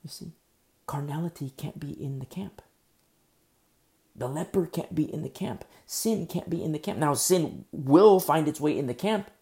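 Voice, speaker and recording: A male pastor preaches a sermon in a gravelly, dark, mellow voice pitched a little high, speaking at normal speed. He hammers home his points with runs of emphatic rhetorical questions.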